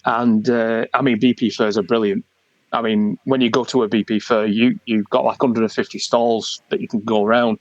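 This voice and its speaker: A man's voice: fairly low pitch, flat delivery, moderate pace, no room sound, lo-fi sound. A man with a Wigan accent, chatting as an interview guest in a colloquial, rambling way. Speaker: convention organiser, guest. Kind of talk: casual interview chat.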